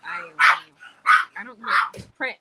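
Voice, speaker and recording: A woman ranting in a casual vlog, blunt and animated, swearing and then apologizing for it. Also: fairly high pitch, slow, heavy background noise. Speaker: vlogger. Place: home in the Dominican Republic, quiet ambience.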